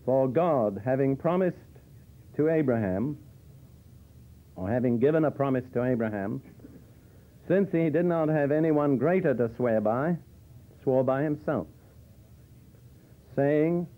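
A man's voice: medium pitch, expressive, measured pace, pauses often. A man teaching from the Bible in a conversational sermon style with dry humor, explaining verses as he goes. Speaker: preacher. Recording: tinny phone-like old tape.

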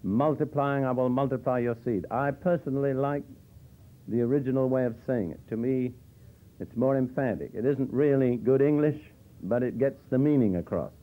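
A man's voice: medium pitch, normal speed. Man, preacher, Bible teaching sermon, conversational, dry humor, tinny phone-like recording. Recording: tinny phone-like old tape.

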